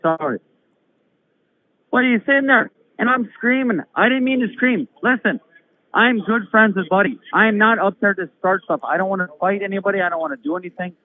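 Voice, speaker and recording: A man calling in to a live stream, telling a heated story in a casual, animated way and swearing freely. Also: sits high, a little fast. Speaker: guest caller. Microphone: phone call. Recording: tinny phone line with faint hiss.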